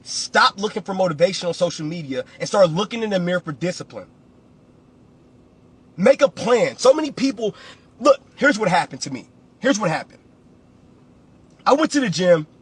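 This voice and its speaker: High husky man, blunt motivational talk. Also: animated, normal speed, pauses often. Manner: blunt, preachy, repeats phrases for emphasis. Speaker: real estate investor and coach.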